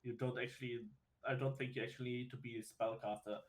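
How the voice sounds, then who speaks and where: A man's voice: medium pitch, flat delivery, fast, poor audio. Male player, mid voice, casual and hedging. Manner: hedging, says "I mean" and "like" often. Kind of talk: tabletop game chat.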